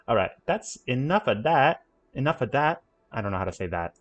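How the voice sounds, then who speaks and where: A man's voice: mid-range voice, very animated, moderate pace, lo-fi sound. A man hosting a game stream in casual chat, playfully trying out accents.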